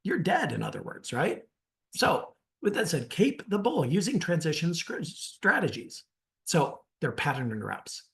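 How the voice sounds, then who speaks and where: A man teaching a sales webinar as a real estate coach, energetic and emphatic, often calling his listeners guys. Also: on the high side, unhurried, creaky. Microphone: online webinar.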